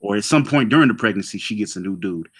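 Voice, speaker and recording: Low-voiced male podcast host. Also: expressive, fast, husky. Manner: provocative, leading questions. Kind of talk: casual podcast debate.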